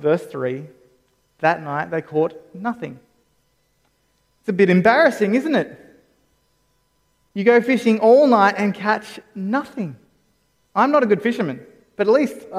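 High-voiced man preaching in a reverberant church. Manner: conversational, asks the congregation questions. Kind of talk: sermon.

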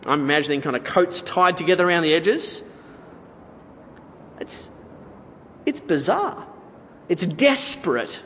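A preacher gives a sermon in a relaxed, conversational way, with playful asides to his audience. His slightly high voice swings widely in pitch, unhurried and full of pauses. A long hall reverb and slight background noise color the sound.

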